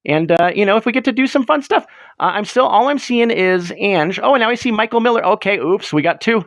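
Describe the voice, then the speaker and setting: A man hosting a casual live stream, rambling and sarcastic, and excitable as he reads the chat aloud. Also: sits high, brisk, no room sound, clean studio sound. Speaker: livestream host.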